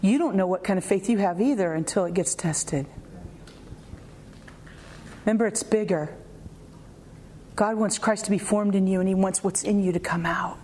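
A woman preacher giving an animated, conversational sermon, acting out quotes and laughing often. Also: mid-range voice, normal speed, pauses often, slight background noise.

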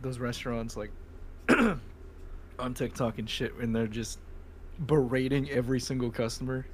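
A man's voice: medium pitch, a little slow, slight background noise. A young man chatting casually on a podcast, easygoing, with some hesitant restarts. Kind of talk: casual chat.

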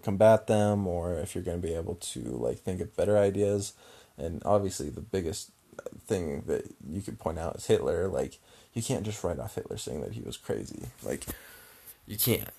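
A man's voice: low voice, gravelly, mellow, slightly rough. A young man telling a long road-trip story in a rambling, casual way, with constant filler words and frequent swearing.

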